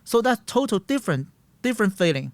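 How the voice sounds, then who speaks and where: A man's voice: high-pitched, very animated, a little fast, dry recording. Earnest man in his thirties. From Taiwan. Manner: earnest, emphatic, searching for words. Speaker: guest. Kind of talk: interview answers.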